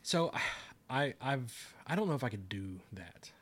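A man's voice: medium pitch, big pitch swings, a little slow, fairly bright tone. A man hosting a podcast in casual chat, rambling with restarts and easy laughs. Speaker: podcast host.

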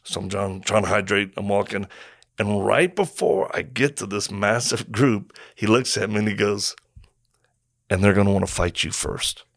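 A man's voice: fairly low pitch, moderate pace, creaky, dry recording, studio quality. A middle-aged man and former Marine telling stories in casual conversation, acting out quotes and sound effects as he goes. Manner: animated storyteller, acts out quotes and sound effects.

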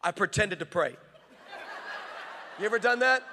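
A man preaching a sermon, telling stories in an animated, playful way that often breaks off and restarts. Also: sits high, moderate pace, noisy background. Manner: animated, playful storytelling with frequent self-interruptions. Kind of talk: sermon with comic storytelling. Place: large armory hall. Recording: long reverb of a large hall.

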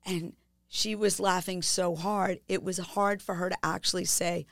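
A woman hosting a podcast, speaking gently and asking listeners reflective questions in a self-help talk. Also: lowish voice, steady tone, a little slow, gravelly, no echo, clean studio sound. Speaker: podcast host.

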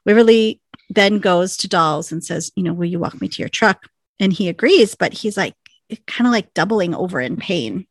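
Chatty woman podcaster, fry in her voice, dry close sound; recaps scenes with lots of "like"s. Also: fairly low pitch, animated, moderate pace, no echo. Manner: chatty, lots of likes and ums. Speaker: podcast co-host. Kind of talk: casual episode recap.

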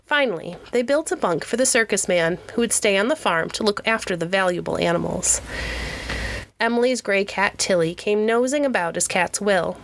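A woman narrating a children's storybook in a clear, steady reading voice. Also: mid-range voice. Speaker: audiobook reader.

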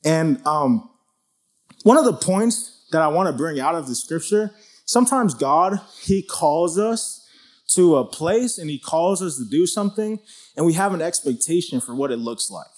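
A man teaching through a Bible passage in a relaxed, conversational way, with lots of "like" and "you know". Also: on the high side, moderate pace. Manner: conversational, full of "like" and "you know", acts out quotes.

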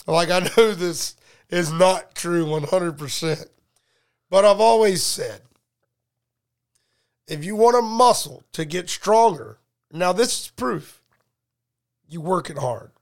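A man's voice: sits high, lively intonation, slow, pauses often. A middle-aged man, casually telling profane, joking stories on a podcast and acting out both sides of conversations. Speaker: podcast co-host. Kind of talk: casual storytelling chat.

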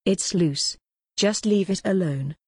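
A woman reading the lines of a stern, controlling man in a gothic audiobook, in a flat, dismissive tone. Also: medium pitch, slow, breathy edge, no room sound, studio quality. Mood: curt.

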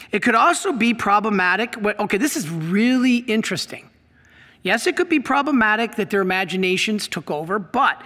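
A middle-aged man preaching from the pulpit with an unusually high, bright and forceful voice. He presses his points hard and fires questions out at the congregation, and his words ring on in the long reverb of a church. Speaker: priest. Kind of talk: sermon.

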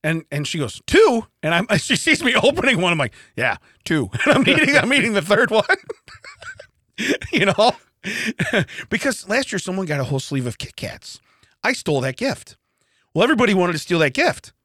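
A man's voice: high voice, sing-song, a little fast, bright, forceful tone, dry recording, clean studio sound. A man co-hosting a podcast, telling a story in casual chat, acting out quotes and laughing often. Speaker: podcast co-host. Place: podcast studio.

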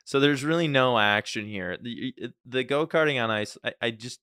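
A man's voice: medium pitch, moderate pace, pushed and bright, smooth, no room sound, studio quality. A man co-hosting a casual podcast, joking around and slipping into mock voices for the people he talks about. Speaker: podcast co-host. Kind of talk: casual chat.

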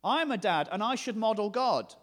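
A man's voice: high-pitched, moderate pace. A man with a northern English accent preaching a conversational, jokey sermon in a church hall. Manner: lively, conversational, jokey preaching with sudden shifts between hushed and loud.

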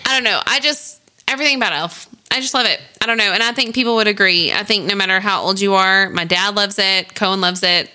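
A woman tells stories on a casual podcast with bubbly enthusiasm. Her voice is bright and forceful, at a middle pitch. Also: quick pace. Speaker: co-host, school staff member.

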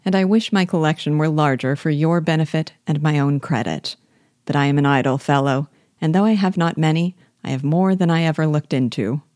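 A woman reading aloud, voicing a good-natured young gentleman who speaks earnestly and kindly. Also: low-pitched, a little fast, no room sound, clean studio sound, close to an everyday voice. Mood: friendly. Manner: warm-hearted, earnest, easygoing.

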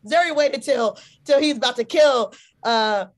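A woman's voice: sits high, unhurried. Blunt, opinionated woman chatting. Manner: opinionated, blunt, swears casually. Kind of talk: casual chat.

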